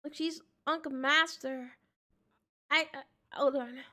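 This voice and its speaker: High, bright joking woman streamer. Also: fairly even intonation, takes it slowly. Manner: joking, laughs often, slangy. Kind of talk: casual gaming stream chat.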